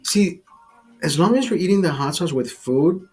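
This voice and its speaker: A middle-aged man hosting a podcast, telling a profane, animated anecdote in casual chat and acting out the quotes. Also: a little high, normal speed, faint music behind. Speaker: podcast host telling a story.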